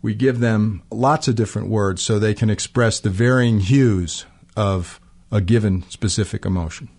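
A middle-aged man calmly explaining ideas in an interview, using everyday examples. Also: lowish voice, moderate pace. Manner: calm, explanatory, gives examples. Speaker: guest expert on emotional fluency. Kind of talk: interview answers.

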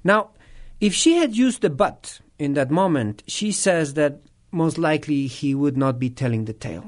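A man who trains people in nonviolent communication answers interview questions and tells a story, speaking thoughtfully with frequent pauses and restarts. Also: fairly high pitch, lively intonation.

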